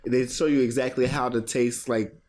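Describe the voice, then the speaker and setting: A man's voice: mid-range voice, steady tone, moderate pace, darkish tone. Laid-back man chatting and laughing. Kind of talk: casual chat.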